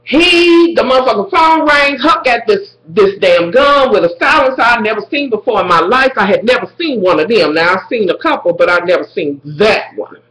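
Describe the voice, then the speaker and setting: A woman casually recapping a TV episode for her viewers, animated and profane, talking straight to them. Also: a little high, moderate pace, few pauses, roomy sound, poor audio.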